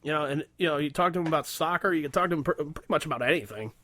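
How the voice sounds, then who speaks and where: A man's voice: a little high, rapid-fire, bright, forceful tone. A young man co-hosting a podcast, telling a long workplace story in casual, profane chat with many restarts. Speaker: podcast co-host.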